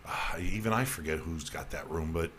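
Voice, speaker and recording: A man hosting a casual radio talk show with a slight New York accent. His voice sits low, and he rambles with plenty of restarts, fillers and jokey asides. The talk is loose and chatty. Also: normal speed, a bit bright, slight background noise. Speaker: host.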